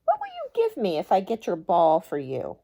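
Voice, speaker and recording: A woman voicing a small ugly male frog, pleading and eager, in a high squeaky voice as she reads a storybook aloud. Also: huge pitch swings, moderate pace, gravelly, warm tone, exaggerated voice.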